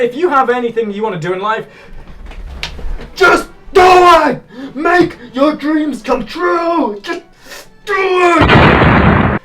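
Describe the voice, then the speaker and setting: A lively young English man who talks with a posh, upper-class sounding English accent, answering his viewers' comments in a jokey casual vlog. His voice sits fairly high for a man and swings widely in pitch, sometimes bursting into loud shouts. Faint music plays behind him. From England. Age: young adult.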